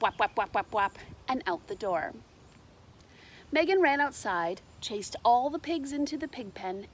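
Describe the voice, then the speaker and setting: A woman reading a children's picture book aloud with lively, animated delivery. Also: mid-range voice, a little hiss or hum. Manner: animated, shouts character lines, explains to children. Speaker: storybook reader. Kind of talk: children's storybook read-aloud.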